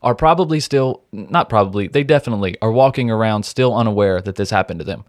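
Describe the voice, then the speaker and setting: A man's voice: on the low side, fast talker, dry recording, clean studio sound. A man hosting a true-crime podcast, telling the case in a blunt, wry, profane manner. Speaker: podcast host, storyteller. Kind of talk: casual true-crime narration.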